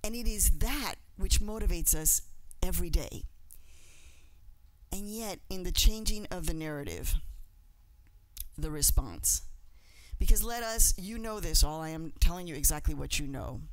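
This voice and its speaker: A woman's voice: fairly low pitch, animated, a little slow, long pauses, dry recording, poor audio. Passionate middle-aged woman speaker. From Mexico. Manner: passionate, emphatic, repeats phrases. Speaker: journalist and speaker. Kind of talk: emotional symposium speech.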